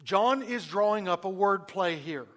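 Man preaching, slightly high voice, dramatic pauses, loud then hushed, questions to the congregation. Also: expressive, long reverb tail. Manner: dramatic pauses, swings from loud emphasis to near-hushed lines. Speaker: pastor. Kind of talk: sermon.

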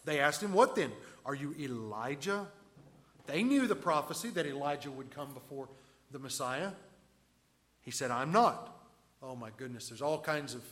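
A man preaching a verse-by-verse sermon in a conversational way, asking the listeners questions and swinging between loud emphasis and quiet asides. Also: mid-range voice, expressive, moderate pace. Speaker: pastor. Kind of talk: expository sermon.

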